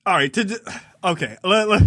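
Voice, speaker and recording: A man reviewing a movie in a casual podcast chat, measured and agreeable, often laughing with his co-host. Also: sits high, animated, a bit bright, no room sound, clean studio sound.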